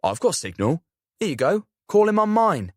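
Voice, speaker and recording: A man's voice: high voice, very animated, moderate pace, darkish tone, dry recording, studio quality, pitched above the performer's own voice. A man doing a sneaky, playful young man. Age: young adult. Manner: sly, playful.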